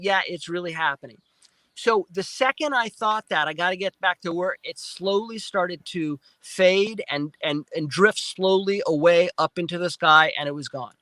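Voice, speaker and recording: High-voiced man telling an excited story. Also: normal speed, no room sound, poor audio. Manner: excited retelling with frequent restarts and repeated words; acts out his own past speech in quotes. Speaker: guest, film producer. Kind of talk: animated storytelling in a live interview.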